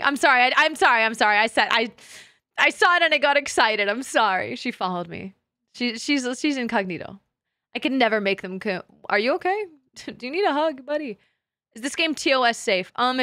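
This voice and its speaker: A woman streaming a game, chatting with her audience in a giggly, excitable way full of crude jokes. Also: fairly high pitch, a little fast, no echo, clean studio sound. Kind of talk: casual live-stream chat.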